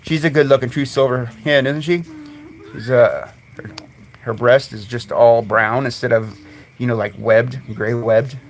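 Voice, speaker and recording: A man's voice: medium pitch, steady tone, unhurried, a little hiss or hum. Chatty man coaxing his birds. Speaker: bird breeder hosting a live stream. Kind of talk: casual live-stream chat. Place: outdoors in a bird yard on a sunny day. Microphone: phone camera.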